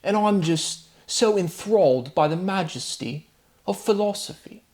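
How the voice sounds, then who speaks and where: A man's voice: high voice, expressive, unhurried, a little mellow, pitched above the performer's own voice. A man mocking a dainty, pompous English philosopher in a put-on English accent, talking in an airy, precious way. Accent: mock English.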